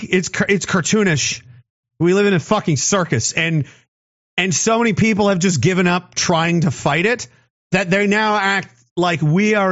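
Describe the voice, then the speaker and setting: A man's voice: sits high, a bit bright, lo-fi sound. A man in his thirties in a rambling, sarcastic casual monologue, swearing and laughing often. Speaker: commentator.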